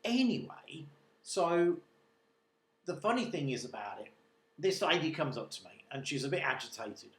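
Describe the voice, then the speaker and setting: A man's voice: on the high side, sing-song, moderate pace. Man, chatty and digressive, casual storytelling, roomy echoing sound. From Britain. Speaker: local online news journalist.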